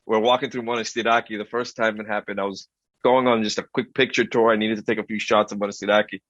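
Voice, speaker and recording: A man hosting a podcast, chatting casually and telling lively stories, acting out other people's lines. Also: lowish voice, fast talker, no room sound. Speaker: podcast host. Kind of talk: casual storytelling chat. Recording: dull, dry-sounding audio.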